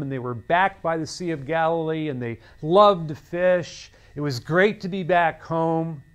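A man teaching a seminary Bible lecture in an earnest, conversational way with emphatic asides. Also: fairly high pitch.

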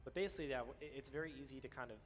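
A man commentating live on his own speedrun, explaining the game in a relaxed way with many ums and uhs. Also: medium pitch, rapid-fire, faint music behind. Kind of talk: live commentary while playing.

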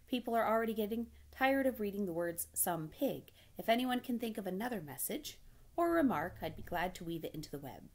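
A woman voicing a wise, bossy female spider who runs a barnyard meeting, in a crisp, precise, slightly tart manner. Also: medium pitch, sing-song, brisk, pitched above the performer's own voice. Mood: brisk. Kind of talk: storybook reading.

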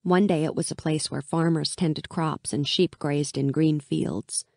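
Brief: female audiobook narrator, mellow and dark tone, dry close-mic studio sound. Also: low-pitched, steady tone, measured pace, creaky, no echo. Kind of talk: first-person audiobook narration.

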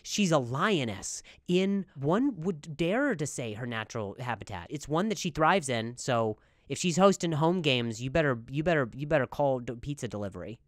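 A man's voice: mid-range voice, moderate pace, hardly any pauses, dry recording, studio quality. A male comedian doing a rambling comedic monologue, with a stutter that makes him repeat words. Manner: animated, rambling.

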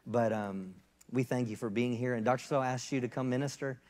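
A man in his fifties, the host pastor, introducing a guest speaker in a halting way with restarts. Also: medium pitch, steady tone, a little mellow, in a large hall. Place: church sanctuary.

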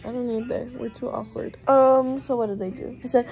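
A woman's voice: fairly high pitch, steady tone, a little fast, creaky, darkish tone, faint music behind. A nineteen-year-old woman vlogging in casual chat from a hospital room, giggly and rambling, with many filler likes.

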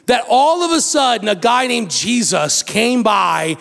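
Guy pastor preaching, kinda high voice, acts out the story, echoey church. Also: animated, unhurried, creaky, a bit bright. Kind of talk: sermon. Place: church sanctuary.

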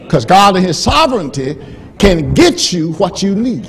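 A man preaching a sermon as pastor, repeating key phrases and swinging from hushed storytelling to rising, emphatic shouts. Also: high-pitched, big pitch swings, moderate pace.

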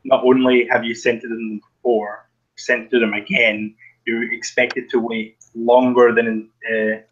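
A man's voice: mid-range voice, little pitch movement, a little slow, breathy edge. A man co-hosting a casual gaming podcast, ranting sarcastically. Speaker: podcast co-host. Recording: dull lo-fi mic.

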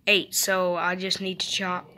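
A woman's voice: fairly low pitch, monotone, a little slow, very noisy. A young woman giving chatty, playful gameplay commentary, talking to the animals in her game. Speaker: gamer.

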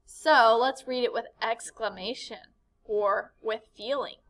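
A woman teaching a writing lesson to young children, expressive and animated as she acts out exclamations. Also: a little high, slow. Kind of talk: elementary classroom lesson.

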